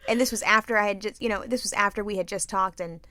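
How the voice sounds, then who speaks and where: A woman co-hosting a podcast, telling a story in a lively way, acting out quotes and laughing often. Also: medium pitch, quick pace, no room sound, studio quality. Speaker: podcast co-host. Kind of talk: casual storytelling chat.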